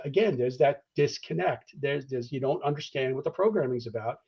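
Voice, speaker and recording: A man speaks as a podcast guest in an earnest, conversational tone, his voice sitting at a middling pitch. He restarts phrases often and keeps checking in with "all right?" The recording sounds slightly dull and lo-fi. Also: a little fast, creaky, breathy edge. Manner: many restarts, tags points with "all right?"; earnest, acts out phone calls in quotes. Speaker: guest discussing fraternity membership. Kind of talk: conversational interview answers.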